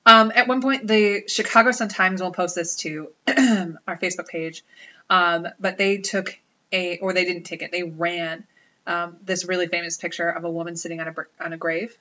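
A woman's voice: on the low side, fairly even intonation, moderate pace, sharp tone, lo-fi sound. A woman co-hosting a podcast, telling ghost stories in a wry, joking, casual way. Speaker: podcast co-host. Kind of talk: casual chat.

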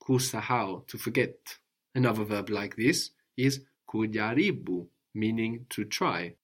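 A man's voice: lowish voice, a little slow, husky. Patient male language tutor. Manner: patient, drills with prompts and tag questions. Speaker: language teacher. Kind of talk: one-on-one language lesson.

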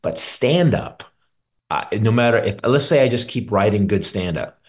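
Candid rambling comedian, low-voiced man. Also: expressive, normal speed. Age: middle-aged. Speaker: stand-up comedian. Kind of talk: radio interview guest.

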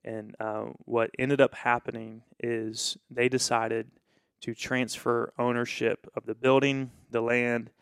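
A man's voice: mid-range voice, flat delivery, slow, a bit bright, smooth, no echo, clean studio sound. A man who is a pastor, telling a story in casual conversation and acting out the quoted dialogue with animation.

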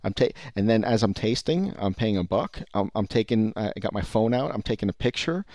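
A man with a fairly low voice rants in profane, rambling commentary. He keeps stopping and restarting his sentences. The sound is dry and close. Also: animated, fairly quick, darkish tone, dry recording. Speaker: vape industry commentator. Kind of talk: ranting commentary.

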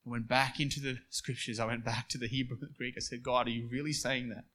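A man's voice: medium pitch, flat delivery, quick pace. Emphatic man preaching. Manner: conversational storytelling, shifting from quiet to emphatic. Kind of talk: sermon.

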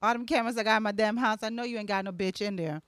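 A woman co-hosting a podcast in casual chat, loud and profane, laughing and acting out voices. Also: mid-range voice, steady tone, rapid-fire, no room sound, studio quality. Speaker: podcast co-host.

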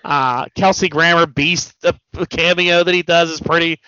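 A man with a fairly high voice holds forth in casual, animated chat, swearing often and dropping into mock voices as he quotes movie lines. The recording is dry and close, with a dull, low-fidelity sound. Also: moderate pace, smooth, no room sound. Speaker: podcast host.

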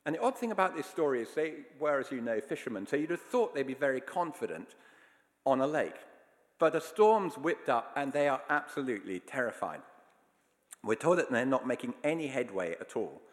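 A man's voice: mid-range voice, very animated, brisk. A man preaching a sermon, telling stories in an earnest, emphatic way. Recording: long hall reverb.

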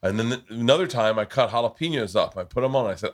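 Man, middle-aged, podcast host, animated storyteller, acts out quotes. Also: mid-range voice, fast, hardly any pauses. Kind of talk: casual storytelling chat.

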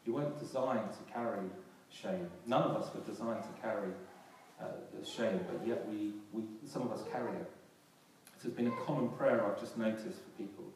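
A man's voice: fairly low pitch, normal speed, darkish tone. A male pastor preaching a sermon in a large church hall, earnestly restarting and repeating phrases and rising for emphasis. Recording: echoey hall from far off, faint noise.

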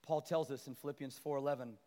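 A male pastor preaching a sermon to his church, animated and building to loud, emphatic peaks as he calls out to the congregation. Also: medium pitch, fast. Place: large church sanctuary. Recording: long church hall reverb.

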